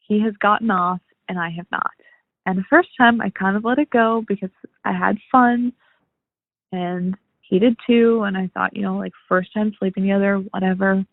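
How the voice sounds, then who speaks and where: A woman in her twenties leaving a rambling, halting voicemail question for an advice show. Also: mid-range voice, vocal fry, no echo. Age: 20s. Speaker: caller. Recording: tinny phone line.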